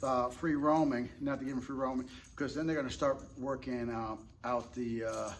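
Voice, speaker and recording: A man who trains dogs, talking in a relaxed, rambling way and explaining tips casually with fillers and restarts. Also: mid-range voice, normal speed, a little hiss or hum. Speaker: dog trainer. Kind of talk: casual instructional talk.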